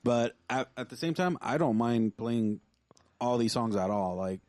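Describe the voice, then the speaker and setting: A man who drums in the band, answering interview questions in a relaxed, rambling way. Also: mid-range voice, a little slow, no room sound. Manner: laid-back, rambling, lots of fillers. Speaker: band drummer, guest. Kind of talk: casual interview chat.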